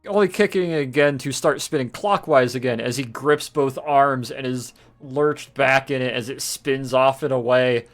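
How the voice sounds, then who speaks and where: A man narrates as game master in a tabletop session, his mid-range voice easygoing and unhurried, full of small fillers. Faint music plays behind him. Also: mid-range voice. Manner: casual, relaxed narration with fillers.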